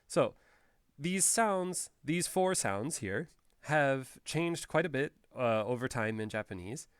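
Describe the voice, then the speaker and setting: A man talks through a language lesson in a casual, explanatory way, often pausing with fillers and restarting his sentences. His voice sits at an ordinary middle pitch for a man. The sound is dry and close, with no room echo. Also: smooth. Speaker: Japanese language teacher.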